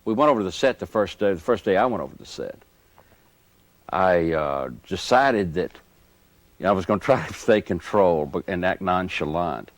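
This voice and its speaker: Low-voiced man telling old stories. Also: fairly quick, dry recording. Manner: animated anecdote teller, chuckles through stories. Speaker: interview guest. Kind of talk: storytelling reminiscence.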